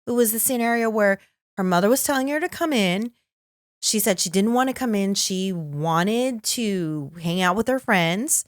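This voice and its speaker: A woman's voice: mid-range voice, expressive, normal speed, dry recording. Middle-aged female co-host, conversational, mimics voices in anecdotes, dry close mic. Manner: conversational, acts out quoted voices. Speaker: podcast co-host. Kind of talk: casual chat.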